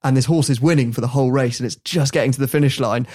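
A man, hosting a podcast and telling anecdotes in a lively, laughing way. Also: medium pitch, rapid-fire, slightly rough. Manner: animated, laughs while telling stories. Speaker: podcast host. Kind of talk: storytelling in casual chat.

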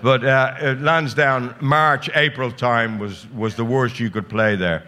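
A man's voice: medium pitch, fairly even intonation, unhurried, sharp tone. An older man in his sixties, a guest telling salty anecdotes with lots of swearing and restarts at a live show. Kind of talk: anecdotal storytelling.

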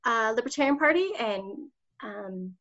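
A woman's voice: fairly high pitch, animated, measured pace, a bit bright. A woman in her thirties, a political candidate telling her story in an interview, passionate and emotional, often laughing as she talks. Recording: slightly dull lo-fi audio.

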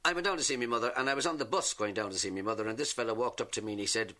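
An Irish man, a comedian, telling jokes and stories in a lively stand-up manner. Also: mid-range voice, very fast, few pauses. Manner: lively storyteller, drawls punchlines.

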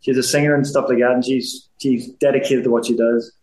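A man in his fifties with a softened Belfast accent talks through an interview in a loose, circling way. He restarts sentences and repeats phrases as he goes. His voice sits at an ordinary pitch, and the room adds a noticeable echo. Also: little pitch movement, a little fast. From Belfast, Northern Ireland. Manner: rambling, repeats himself, frequent restarts. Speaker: interview guest, former boxer. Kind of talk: casual interview chat.

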